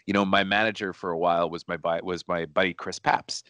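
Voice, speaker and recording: Rambling man with a low voice. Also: fairly even intonation, brisk, fairly bright tone, dry recording. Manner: rambling, repeats words and restarts often. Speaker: co-host. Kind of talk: casual chat. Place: studio.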